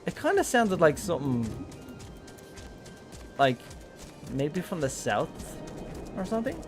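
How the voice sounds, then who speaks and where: An Irish man casually commenting on a game during a live stream, chatty and rambling, often pausing with ums. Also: fairly high pitch, huge pitch swings, music in the background. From Ireland. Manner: chatty, rambling, thinking aloud with many ums.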